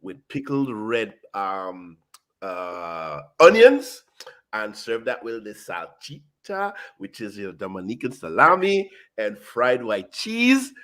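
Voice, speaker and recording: Animated, bright-voiced male food host. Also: slow. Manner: lively, hyped, lots of "you know" and "boom". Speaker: show host. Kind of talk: casual food chat. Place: South Florida.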